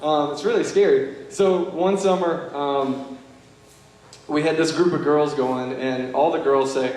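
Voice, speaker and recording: A man's voice: a little high, normal speed, a little mellow. A young man giving an earnest, conversational banquet speech, telling stories full of "you know" and "like". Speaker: Young Life leader giving a banquet talk. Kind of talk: storytelling speech. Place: large banquet hall. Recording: very echoey hall with long reverb.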